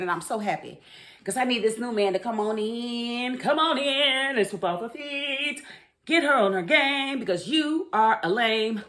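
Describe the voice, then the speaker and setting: In a higher, slightly bright voice at a moderate pace, a woman reviews a TV episode with sass and chatter. She's a show reviewer who laughs a lot and talks straight to her audience, keeping the commentary casual.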